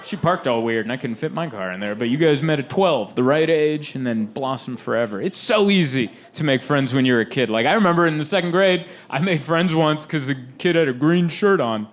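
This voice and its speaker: Animated stand-up comic, lively voice. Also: male voice, fairly high pitch, a little fast, few pauses, a little hiss or hum. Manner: animated, laughing often, acting out quoted voices. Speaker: stand-up comedian. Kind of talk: stand-up comedy set. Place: live comedy venue with audience.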